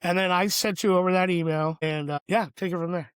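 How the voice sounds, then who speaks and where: A man's voice: sits high, steady tone, fairly quick, smooth, no echo, studio quality. A man co-hosting a podcast, telling a personal story in an earnest, reflective way with plenty of fillers. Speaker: podcast co-host.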